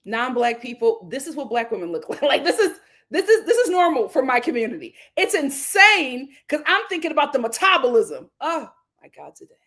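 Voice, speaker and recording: A woman hosting a live reality TV recap, animated and exclamatory, laughing often. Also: high voice, a little fast. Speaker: reality show recap host.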